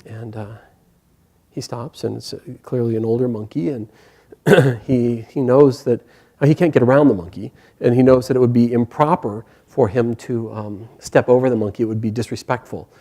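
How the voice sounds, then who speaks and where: A man teaching a spiritual class, telling a story gently and hesitantly with many pauses and fillers. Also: mid-range voice, steady tone.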